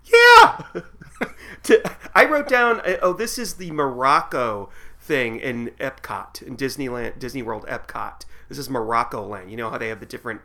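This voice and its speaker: A man co-hosting a podcast in casual chat, animated and laughing often. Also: normal speed, gravelly, hardly any pauses. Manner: animated, laughs often, jumps to high excited pitch. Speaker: podcast co-host.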